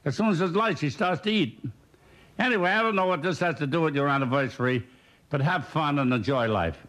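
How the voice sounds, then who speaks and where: A man's voice: on the high side, fairly quick, fairly bright tone. An older man delivering punchy one-liner jokes and laughing at his own gags. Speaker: comedian. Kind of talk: rapid one-liner stand-up.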